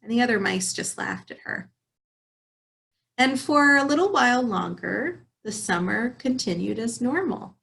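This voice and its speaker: A woman pastor telling a fable during a sermon, in a gentle manner with hesitant fillers. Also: a little high, lively intonation, unhurried, vocal fry. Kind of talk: storytelling in a sermon.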